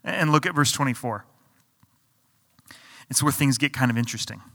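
A man's voice: mid-range voice, normal speed, creaky, fairly bright tone, in a large hall. A man preaching a conversational sermon as pastor, often stumbling and restarting as he acts out the people in the story. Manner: conversational preaching with repeated restarts and acted-out quotes.

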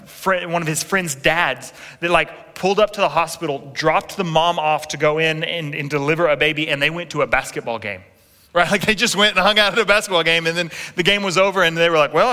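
Animated preacher in a big echoing hall. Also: male voice, high voice. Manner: animated storytelling with acted quotes, asides to the congregation. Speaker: pastor. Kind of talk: sermon. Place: large church hall. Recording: long reverb in a big hall.

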